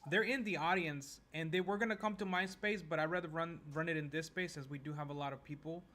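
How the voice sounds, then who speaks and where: A man co-hosting a live online audio chat, explaining projects in a relaxed way with fillers. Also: a little high, quick pace. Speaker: co-host.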